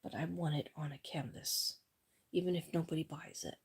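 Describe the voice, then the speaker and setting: A woman chatting casually on a live stream from home, rambling and soft-spoken, often dropping to a whisper. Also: deep voice, normal speed, husky.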